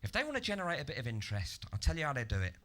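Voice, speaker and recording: Bright, animated stand-up comedian. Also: male voice, medium pitch, racing. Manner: deadpan setups that burst into loud, ranting act-outs. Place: comedy club stage.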